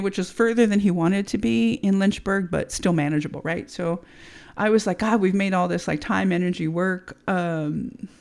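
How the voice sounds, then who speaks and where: A woman's voice: mid-range voice, vocal fry, darkish tone. A woman in her thirties from the United States, casually recounting a personal story with lots of fillers, swearing and "right?". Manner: casual, profane, many fillers and rhetorical "right?". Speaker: podcast guest telling her story. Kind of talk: candid storytelling chat.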